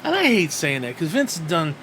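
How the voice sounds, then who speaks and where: Man, wrestling review rant, profane, exasperated, higher voice, faint air-conditioner hum. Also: huge pitch swings, a little fast, fairly bright tone. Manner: profane, exasperated, frequent sighs. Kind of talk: ranting review.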